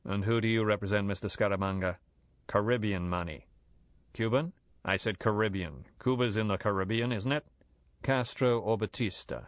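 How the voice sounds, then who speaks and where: A man's voice: on the low side, normal speed, no room sound, close to an everyday voice. Man reading a cool, terse secret agent. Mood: probing.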